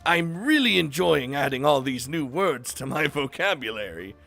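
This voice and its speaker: A man's voice: a little high, very animated, normal speed, creaky, sharp tone, soft background music, voice pushed up, heavily acted. A man voicing an otherworldly man who talks in stagey pirate lingo, theatrical and wide-eyed. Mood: eager.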